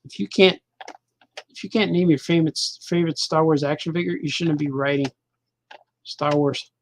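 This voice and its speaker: A man's voice: fairly high pitch, steady tone, normal speed, slight background noise. Rambling middle-aged male cartoonist. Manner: loose, joking, talks to himself. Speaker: cartoonist and podcast host. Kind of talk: casual rambling chat while drawing.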